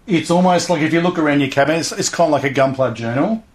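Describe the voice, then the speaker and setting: A man's voice: fairly high pitch, fast talker. Enthusiastic rambling middle-aged man. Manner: rambling, enthusiastic, acts out voices. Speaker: guest, hobby show host. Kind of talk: casual interview chat.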